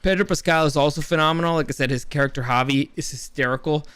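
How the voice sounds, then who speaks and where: A man's voice: on the high side, quick pace, a bit bright, clear, resonant tone. A young man casually reviewing films, rambling and enthusiastic, with many restarts. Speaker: movie reviewer. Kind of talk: casual spoken film review.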